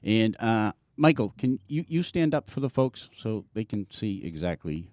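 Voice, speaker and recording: Lively foul-mouthed podcast host, man. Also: lowish voice, moderate pace, dry recording. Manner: swearing, storytelling, ribbing. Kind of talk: casual crude sports podcast banter.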